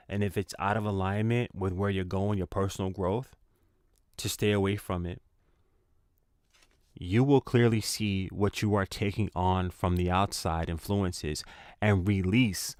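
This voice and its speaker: A man's voice: low voice, darkish tone, clean tone, no echo, studio quality. A man giving a spiritual tarot reading in a casual, slangy, encouraging way, repeating himself for emphasis. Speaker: tarot reader.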